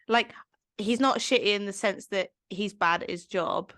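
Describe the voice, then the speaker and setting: A woman's voice: medium pitch, moderate pace, a bit bright, no room sound, studio quality. A woman co-hosting a casual podcast, giving frank, blunt opinions with some mild swearing. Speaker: podcast co-host. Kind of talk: casual recap chat.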